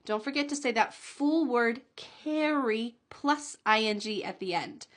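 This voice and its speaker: A young adult woman teaching English pronunciation, slowly sounding out model words and sentences for learners to repeat, with small laughs between them. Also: on the high side, lively intonation, fairly bright tone. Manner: slow, drawn-out model words with light laughs. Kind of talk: pronunciation lesson.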